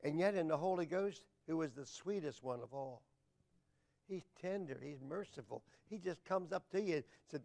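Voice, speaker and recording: Man preaching, high voice, middle-aged, emphatic repetitive cadence. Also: lively intonation, moderate pace, creaky, a little mellow. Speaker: pastor. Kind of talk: sermon.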